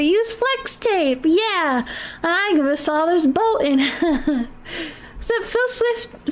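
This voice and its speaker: A young woman with a bright, high voice chats slowly and playfully, echoing odd words back and trailing off into ums. She sounds at home and unhurried, with soft music humming faintly behind her. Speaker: streamer reacting to videos. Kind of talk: casual reaction chat. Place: home room with her cat.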